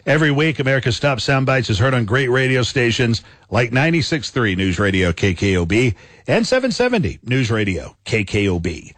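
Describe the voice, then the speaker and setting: Lively countdown-style radio host man. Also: medium pitch, brisk, no echo.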